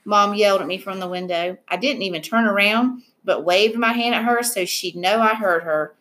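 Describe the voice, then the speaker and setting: An audiobook narrator, a woman with a medium-pitched voice, reads a novel aloud in an even, measured way as scripted narration.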